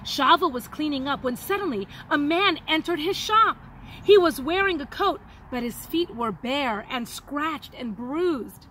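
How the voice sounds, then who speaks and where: A woman teacher reading a children's story aloud in an expressive, dramatic way. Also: high-pitched, measured pace, a little hiss or hum, poor audio.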